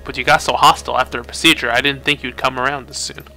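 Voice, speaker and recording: A man's voice: medium pitch, steady tone, fast, sharp tone, soft background music. A man voicing a weary, sarcastic male tech expert in a video game, defensive and biting. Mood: wry.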